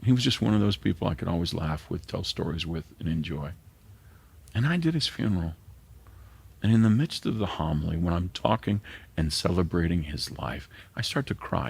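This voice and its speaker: A man's voice: low voice, fairly quick, gravelly, breathy edge, dry recording. A middle-aged man, a pastor preaching an earnest sermon that sometimes drops to a near whisper.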